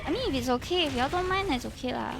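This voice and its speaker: A woman's voice: high-pitched, lively intonation, fast, vocal fry, noisy background. A young woman with a Singaporean accent, chatting casually and giggling on her live stream, sprinkling in Singlish particles. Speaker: VTuber streamer.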